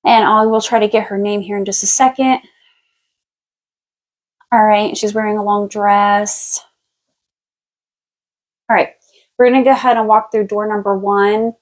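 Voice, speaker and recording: A woman working as a psychic medium on a live stream, giving a past-life reading. She talks in a relaxed, chatty way, thinks aloud, and often stops to restart a thought or reach for the next word. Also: mid-range voice, poor audio. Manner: thinks aloud in a halting way, with many fillers and restarts; relaxed and chatty, laughs easily.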